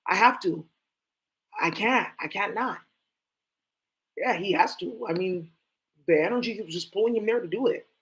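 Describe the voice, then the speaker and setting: A woman hosting a tarot stream, talking in a blunt, profane, animated rant, often talking to herself. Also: medium pitch, moderate pace, pauses often. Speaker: tarot livestream host. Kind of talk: casual ranting monologue.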